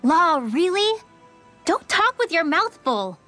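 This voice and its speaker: A woman's voice: very high-pitched, very animated, slow pace, pushed and bright, faint music behind, full character voice. An actress voicing a teasing, scolding teenage girl in a video game.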